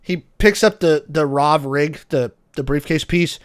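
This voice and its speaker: A man's voice: on the high side, measured pace, clear, resonant tone, no room sound, clean studio sound, lightly acted. A game master voicing a mousy young man with a put-on British accent who asks short, matter-of-fact questions. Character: mousy young man, rigger, calm and practical.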